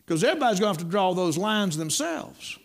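Preaching at a fast clip with some vocal fry, this middle-aged man's high, animated voice rises and falls dramatically. He tells his sermon like a folksy tale, tripping over and repeating words while addressing the listener as "my friend."

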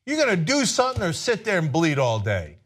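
A man's voice: fairly high pitch, huge pitch swings, brisk, a bit bright, a little hiss or hum. A man hosting political commentary, combative and sarcastic in a heated way. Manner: combative and sarcastic, mocking voices.

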